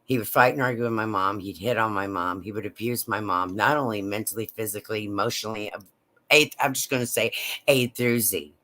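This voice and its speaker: A woman telling a personal story in a slow, halting, emotional way. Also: a bass voice, fairly bright tone. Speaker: vlogger.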